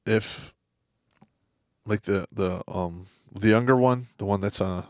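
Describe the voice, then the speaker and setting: A man's voice: fairly low pitch, slow pace, dry recording, studio quality. A man co-hosting a casual livestream, talking bluntly and with plenty of swearing while chiming in with short agreements. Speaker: livestream co-host.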